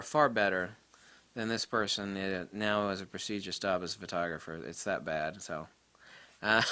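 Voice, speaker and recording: Lively incredulous man ranting. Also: on the low side. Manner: incredulous, rambling, laughs often. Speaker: photography vlogger. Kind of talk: casual rant to camera.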